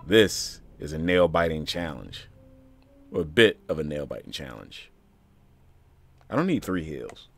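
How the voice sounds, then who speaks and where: A man's voice: rumbling low, very animated, a little slow, creaky, long pauses, slightly rough, faint music behind. A man giving casual, profane commentary while playing a video game, grumbling and talking back to the game itself. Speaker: streamer.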